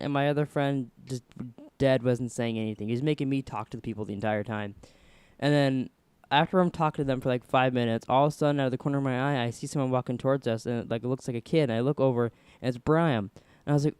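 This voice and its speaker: A young man hosting a podcast, casually rambling through an animated story. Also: mid-range voice, fast, clear, resonant tone, dry recording. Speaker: podcast host.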